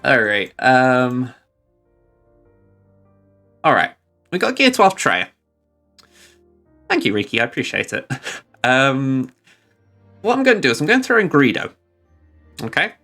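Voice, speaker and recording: A man's voice: mid-range voice, huge pitch swings, unhurried, long pauses, bright, forceful tone, faint music behind. A man streaming a video game, chatting casually about his moves and poking fun at himself. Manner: rambling, self-deprecating, chuckling. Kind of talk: casual gameplay commentary.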